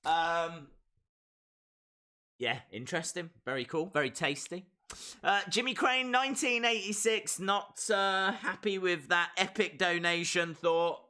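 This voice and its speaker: A man's voice: on the high side, lively intonation, slow pace, sharp tone. A man hosting a casual live stream, chatting and reading viewer comments aloud with lots of repeated phrases.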